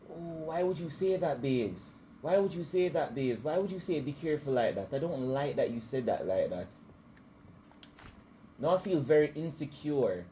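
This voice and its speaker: A man with a Jamaican accent commentating a game, loud and excitable, yelling and joking in patois as he plays. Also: fairly high pitch, slight background noise. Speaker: gamer commentator. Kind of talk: let's-play commentary.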